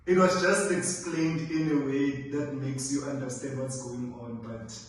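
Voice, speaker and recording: A man's voice: medium pitch, steady tone, unhurried. A young man, a medical student speaking hesitantly and casually about his studies. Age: young adult. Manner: hesitant, trailing casual talk. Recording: echoey room, distant mic.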